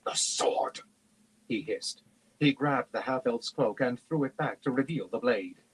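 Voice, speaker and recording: A man reading a fantasy novel aloud in a steady, measured way on a livestream. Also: mid-range voice, slightly rough, rough recording. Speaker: reader.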